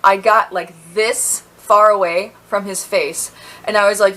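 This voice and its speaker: A woman's voice: medium pitch, steady tone, a little slow, noisy background. Ranting young woman telling a story. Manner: heated, ranting, lots of fillers. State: tipsy. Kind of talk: storytime vlog.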